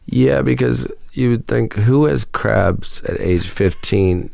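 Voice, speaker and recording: A man's voice: medium pitch, takes it slowly, creaky, dark tone, no room sound. A man in his fifties from Ohio, chatting as an interview guest in a dry, wry, meandering way. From Ohio, United States. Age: 50s. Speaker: guest musician. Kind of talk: casual interview chat.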